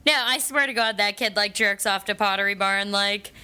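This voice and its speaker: A woman's voice: medium pitch, moderate pace, pushed and bright, clean tone. A woman co-hosting a comedy radio talk show, rambling through stories with constant fillers and swearing. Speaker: co-host. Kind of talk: casual comedy chat.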